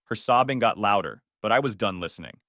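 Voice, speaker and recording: An expressive male narrator recounting a family drama in the first person, his pitch swinging widely as he tells it. The recording is dry and close, with no room around the voice. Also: a little fast, no echo. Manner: emotional, with angry outbursts in quoted lines.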